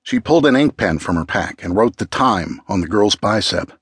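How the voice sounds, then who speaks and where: Low, husky male audiobook narrator. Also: expressive, normal speed, fairly bright tone, dry recording, clean studio sound. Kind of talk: scripted narration.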